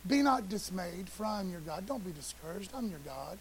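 Pastor, middle-aged man, high-pitched; easygoing slangy sermon, loud then hushed, light hiss. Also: lively intonation, fairly quick, low-quality recording. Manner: conversational preaching, swinging between loud and hushed; casual slang and asides. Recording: faint hiss.

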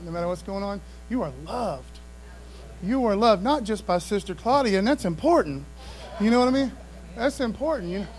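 A man with a notably high speaking voice delivers a sermon. He talks to the congregation in a relaxed, conversational way. He leans hard into emphatic points and keeps asking for call-and-response replies. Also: a little hiss or hum, poor audio. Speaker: pastor.

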